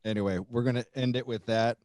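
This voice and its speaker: A man's voice: mid-range voice, steady tone, quick pace, a little mellow. A man hosting a casual podcast, chatting easily with a guest. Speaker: podcast host.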